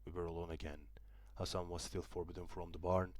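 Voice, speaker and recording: Brief: young male student narrator, Turkish native, deep voice, dry close read. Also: little pitch movement, a little fast, no echo. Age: young adult. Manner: careful reading with small restarts. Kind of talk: audiobook narration.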